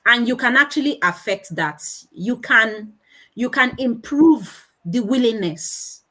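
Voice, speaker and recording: Animated Nigerian woman speaker, high voice. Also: takes it slowly, rough recording. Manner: animated, acts out her children's voices. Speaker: conference speaker on child speech. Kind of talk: conference talk with anecdotes.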